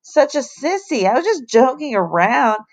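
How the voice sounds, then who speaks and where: A woman's voice: sits high, very animated, normal speed, voice pushed up, heavily acted. A woman reads aloud as a smug young schoolboy who jokes at a classmate's expense. His voice sounds mocking and jokey, as in a children's storybook read aloud.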